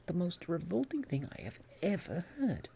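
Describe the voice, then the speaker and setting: Man playing a fussy, horrified everyman, pitched up, lively, gravelly. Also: moderate pace, a little hiss or hum, full character voice. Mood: aghast. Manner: prim, aghast protests. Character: fussy, squeamish English man, easily horrified.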